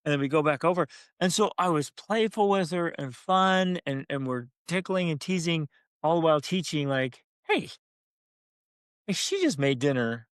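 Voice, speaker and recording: A man co-hosting a parenting talk, telling a family story in a lively, playful way. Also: fairly high pitch, moderate pace, smooth, no room sound, studio quality. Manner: animated, acts out family voices. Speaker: parenting podcast co-host. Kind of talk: casual storytelling.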